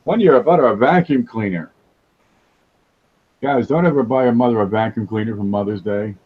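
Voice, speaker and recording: A man's voice: fairly low pitch, fairly quick, breathy edge, phone-quality sound. A man hosting a casual livestream chat, wisecracking and joking as he talks. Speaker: host.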